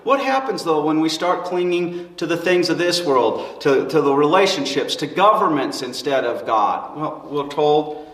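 High-voiced male pastor preaching in an echoey hall. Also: lively intonation, moderate pace, a bit bright. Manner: earnest preaching with rising emphasis and restarts. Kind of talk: sermon. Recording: echoey hall, mic far off.

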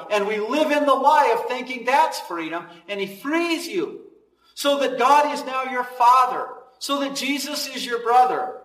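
A man preaching a sermon, swinging between loud emphatic lines and hushed, slow ones. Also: very high-pitched, roomy sound, recorded from a distance, low-quality recording. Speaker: pastor.

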